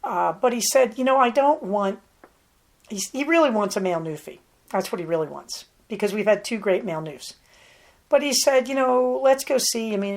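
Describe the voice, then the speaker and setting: Chatty woman telling a rambling story. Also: medium pitch. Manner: chatty, rambling, with asides to her dog. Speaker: podcast host. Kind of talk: casual storytelling monologue. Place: at home on a ranch.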